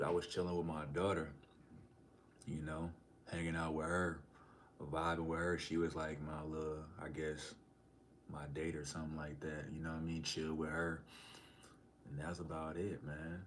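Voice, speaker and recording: Laid-back man with a very low voice. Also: level tone, moderate pace, a little hiss or hum. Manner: laid-back, slangy, reads comments aloud. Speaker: livestreamer reading chat. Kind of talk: casual live-stream chat.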